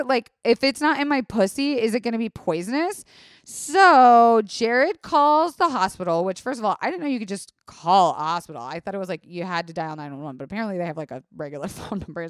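A young woman hosting a podcast, telling a story in a casual, profane, animated way and acting out the people she quotes. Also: fairly high pitch, brisk, no room sound, clean studio sound. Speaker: podcast host.

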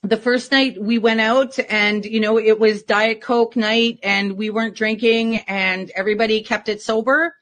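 A woman's voice: fairly high pitch, fairly even intonation, moderate pace, hardly any pauses, fairly bright tone. A woman telling a story as an interview guest in a casual, rambling way, full of fillers.

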